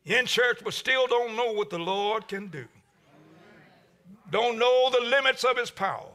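A man preaching a sermon as pastor, with a preaching cadence that swells to shouts and drops low. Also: moderate pace.

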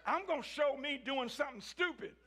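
A man preaching a sermon, swinging between shouted peaks and low, quiet stretches. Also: animated, fairly quick, over music. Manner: rising to shouts, then dropping low.

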